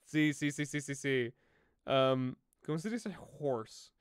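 A young man streaming a game, joking at himself and trying out halting, clumsy Spanish. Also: mid-range voice, clean tone, no echo, clean studio sound. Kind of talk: casual gaming livestream chat.

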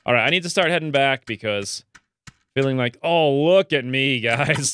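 Excitable man narrating his gameplay. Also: normal speed, clean tone. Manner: chatty, excitable, jumps to high pitch when delighted. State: stuffy nose. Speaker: let's play gamer. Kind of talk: casual gameplay commentary.

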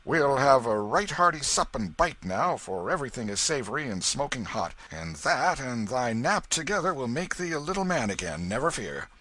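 A man's voice: on the low side, lively intonation, a little slow, bright, forceful tone, slightly rough, dry recording, heavily acted. A man doing a hearty kindly knight. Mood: cheery. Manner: cheery, bluff old-fashioned speech.

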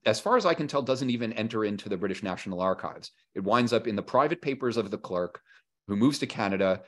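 A man's voice: lowish voice, lively intonation, quick pace. A man being interviewed as a historian, talking casually and acting out what historical figures said, with frequent fillers and restarts. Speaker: historian and author guest. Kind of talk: conversational interview.

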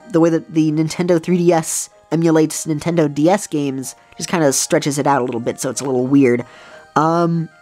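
A woman hosting a let's play, in a rather low voice for a woman. She rambles in casual gameplay commentary, restarting her sentences often, with enthusiasm. Faint music runs underneath. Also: a little mellow. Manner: rambling, many restarts and fillers.

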